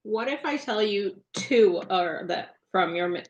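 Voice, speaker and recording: A woman's voice: mid-range voice, animated, unhurried, lo-fi sound. Woman chiming in with dry teasing. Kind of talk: casual chat.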